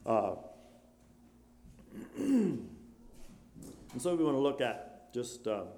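A man preaching a sermon, switching between loud exclamations and quiet, hushed storytelling, with many questions put to his listeners. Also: medium pitch, wildly swooping pitch, very slow, slight background noise. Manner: rhetorical questions to the congregation.

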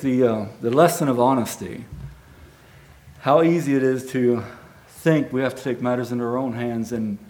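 A preacher reading a moral story aloud to his congregation before moving into his sermon. He has a mid-pitched voice and an earnest, unhurried delivery. He sometimes stumbles and restarts his sentences. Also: a little mellow.

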